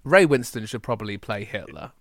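A man's voice: fairly low pitch, expressive, a little fast, fairly bright tone, no echo, clean studio sound. A man chatting casually and joking, often slipping into silly voices. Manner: jokey, puts on silly voices. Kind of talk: casual chat.

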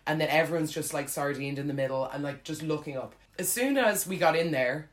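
An Irish woman telling a funny story in casual chat, animated, with frequent laughs and lots of fillers. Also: low voice, brisk.

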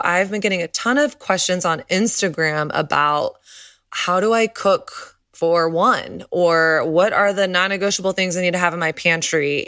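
A woman hosting a podcast, talking in a friendly, chatty way straight to the listener, her voice a little deeper and rougher than usual. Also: fairly bright tone, no echo. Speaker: podcast host.

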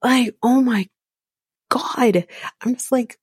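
A woman's voice: on the low side, moderate pace, darkish tone, no room sound, studio quality. Blunt, exasperated woman podcast host. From Jamaica. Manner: blunt, exasperated and sarcastic, swears freely, laughs often. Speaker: podcast host recapping a reality show. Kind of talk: casual commentary.

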